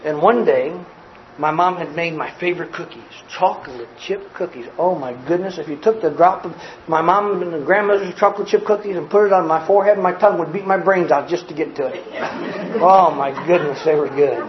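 Male preacher, high tenor, animated folksy storyteller; muffled live capture with a faint room hum. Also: fairly quick. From grew up poor in a small family. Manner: animated, folksy storyteller who acts out scenes. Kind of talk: storytelling sermon.

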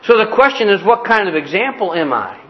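A man's voice: high voice, sing-song, fairly quick, muffled recording. A man preaching a sermon in a folksy, joking way, repeating his key phrases. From Cleveland, Ohio. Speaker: pastor.

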